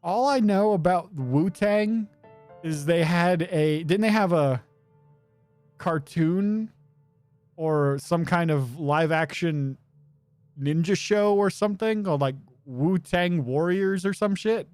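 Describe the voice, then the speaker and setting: A man's voice: sits high, slow pace, darkish tone, no room sound, soft background music. A man streaming a game, chatting casually in a rambling, joking way and swearing now and then. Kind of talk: casual gaming commentary.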